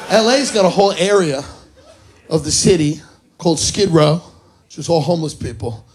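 A man's voice: fairly high pitch, moderate pace, long pauses, a crowd in the background. A man doing a stand-up set on a comedy club stage, delivering dry, exasperated punchlines.

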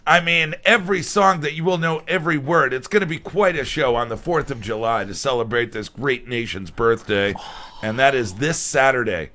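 Bright-voiced man hosting morning radio. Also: mid-range voice, moderate pace. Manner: upbeat, reads weather and promos, laughs with cohosts.

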